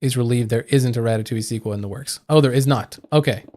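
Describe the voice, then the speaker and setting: A man's voice: medium pitch, quick pace, darkish tone. A young man streaming live, chatting casually and rambling with lots of fillers and restarts. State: hiccuping.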